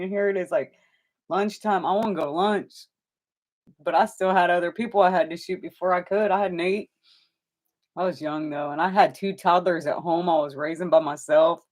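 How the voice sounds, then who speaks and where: Middle-aged woman telling rowdy stories. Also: medium pitch. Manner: animated, swears freely, acts out quoted people. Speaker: tarot reader hosting a live stream. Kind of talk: casual storytelling.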